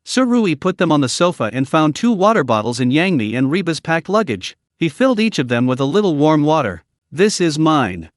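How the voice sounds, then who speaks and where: A man narrating a story recap in an expressive, scripted way. His voice sits fairly high for a man and swings lively in pitch. The sound is dry and close-miked, with no room echo. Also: brisk, hardly any pauses.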